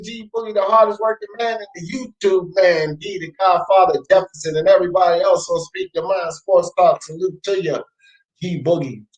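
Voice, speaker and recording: A man's voice: sits high, lo-fi sound. A male sports talk host on a live boxing stream, reading viewers' chat comments aloud in a loose, slangy way and laughing often.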